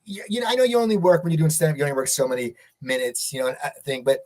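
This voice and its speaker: A man's voice: fairly high pitch, very animated, rapid-fire, darkish tone. A man hosting a casual interview, asking rambling questions with many restarts. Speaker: podcast host.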